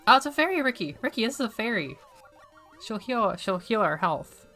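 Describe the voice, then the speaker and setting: A woman's voice: on the high side, very animated, normal speed, sharp tone, soft background music. A young woman chatting casually while playing a video game, rambling and swearing freely. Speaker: gaming streamer.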